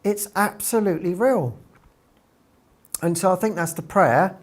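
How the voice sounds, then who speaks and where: A woman retelling a spiritual story in a casual, earnest way, rising into excited bursts as she quotes herself. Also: fairly low pitch, unhurried. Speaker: spiritual teacher.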